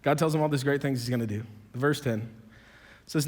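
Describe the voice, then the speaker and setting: A man's voice: medium pitch, a little fast, a little mellow. A male pastor preaching a sermon in a casual, conversational, humorous way. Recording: long hall reverb.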